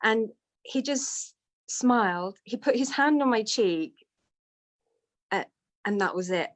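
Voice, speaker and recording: A woman telling a personal story in a candid, self-deprecating way. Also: mid-range voice. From United Kingdom. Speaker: devotee sharing testimony.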